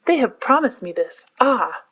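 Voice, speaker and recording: A high, bright young boy from a storybook, boastful and sulky, loudly showing off as he talks. A woman reads him out. The recording sounds a little dull and lo-fi. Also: unhurried. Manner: excited, raised, show-off talk.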